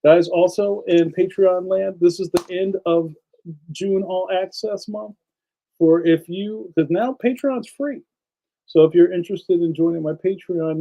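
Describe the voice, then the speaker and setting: A man's voice: high voice, mellow, rough recording. A man hosting a casual livestream, chatting enthusiastically and speaking straight to his viewers. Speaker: livestream host and cartoonist.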